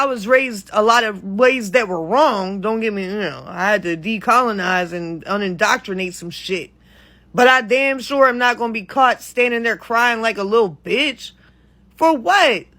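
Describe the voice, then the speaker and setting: A woman's voice: fairly high pitch, moderate pace, pushed and bright. A woman in a reaction video, ranting with heated exasperation and plenty of profanity. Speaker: content creator.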